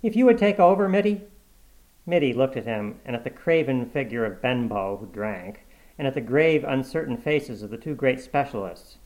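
A man narrating a short story in a measured, even audiobook reading. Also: mid-range voice, low-quality recording.

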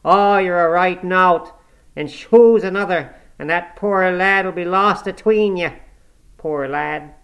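A man's voice: high-pitched, slow pace, a bit bright, voice pushed up, exaggerated voice. A man voicing a cantankerous, pious old male servant, scolding and groaning. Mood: ranting. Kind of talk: audiobook character voice.

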